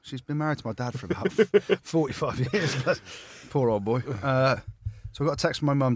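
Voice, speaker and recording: A man in his forties, a retired rugby player co-hosting a podcast, chatting casually and teasing his co-hosts loudly. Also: mid-range voice, normal speed, few pauses, dry recording. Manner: teasing, loud and lively when joking. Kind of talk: casual banter.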